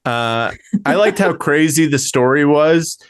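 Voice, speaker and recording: Smooth-voiced man in easygoing chat. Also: on the high side, animated, a little slow, dry recording, clean studio sound. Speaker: podcast co-host. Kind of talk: casual chat.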